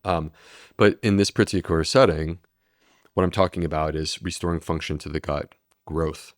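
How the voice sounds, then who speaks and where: A man's voice: rumbling low, steady tone, moderate pace, no echo, studio quality. A man, a medical doctor, explaining steadily and earnestly in a podcast interview. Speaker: gastroenterologist guest.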